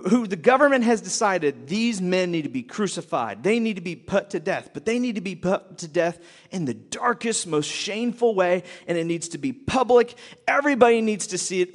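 A male pastor delivering a sermon in a strikingly high voice. He tells the story with emphatic, dramatic delivery, dropping to near hushes and then pressing louder. A long reverb from a large hall trails his words.

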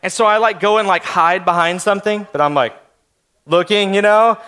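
A man's voice: high-pitched, normal speed, bright, forceful tone, smooth. A man in his thirties preaching a sermon, telling family stories in a casual, conversational way and speaking straight to his listeners. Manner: storytelling, conversational, speaks to the audience. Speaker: pastor.

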